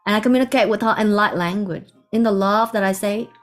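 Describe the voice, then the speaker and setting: Soft-spoken woman telling a spiritual story. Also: mid-range voice, brisk, faint music behind. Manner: soft-spoken, meandering, with hushed asides. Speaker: spiritual teacher.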